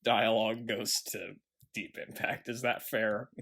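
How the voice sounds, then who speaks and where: A man's voice: fairly low pitch, flat delivery, a little slow, creaky, fairly bright tone. Laughing man rambling about movies. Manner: laughs often, quotes lines, loose and rambling. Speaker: podcast co-host. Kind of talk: casual movie chat.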